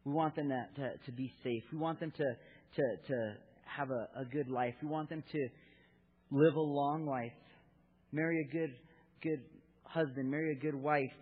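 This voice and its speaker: Man preaching, husky, halting with repeated words, tinny phone-like sound. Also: a little high. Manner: halting, repeats words, shifts between loud and hushed. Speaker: pastor. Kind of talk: sermon.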